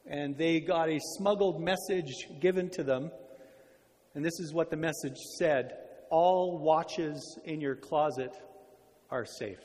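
An earnest male preacher telling a story in sermon, slowing on words he wants to land. His voice is a touch high-pitched. A long hall reverb trails each phrase. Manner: earnest, slows down for emphasis.

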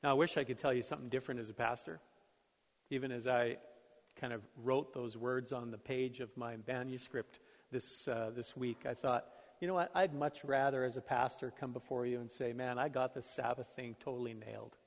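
A man's voice: medium pitch, steady tone, normal speed. A middle-aged male pastor preaching a sermon in a conversational, storytelling way, self-deprecating about his own life. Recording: long hall reverb.

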